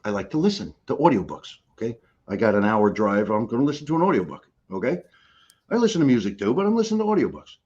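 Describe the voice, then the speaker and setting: A man's voice: medium pitch, sing-song, fast, darkish tone, muffled recording. A middle-aged man, a guest life coach, giving an emphatic motivational talk on a call, repeating key phrases for effect in a blunt, casual way.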